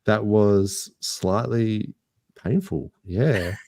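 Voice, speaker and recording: A man's voice: on the low side, very slow, creaky, warm tone, breathy edge, dry recording, clean studio sound. An Australian man co-hosting a podcast in casual banter, rambling and joking at his own expense. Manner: jokey, rambling, self-mocking. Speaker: podcast co-host.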